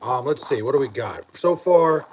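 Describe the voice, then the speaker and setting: A man's voice: mid-range voice, expressive, moderate pace, rough recording. A tired young man livestreaming from his bedroom late at night, swearing and rambling about something that annoyed him. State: tired, just woken up.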